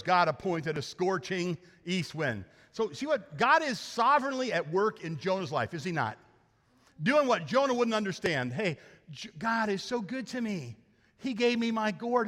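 Male lead pastor, higher voice, chatty joking sermon style, church room with long reverb. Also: fairly bright tone. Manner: conversational, jokey, asks rhetorical questions. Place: church sanctuary.

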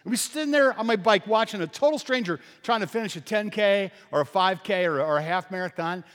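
A man's voice: sits high, fairly quick, a bit bright. Man, pastor, sermon, emphatic, rhetorical questions, long reverb of a large church hall.

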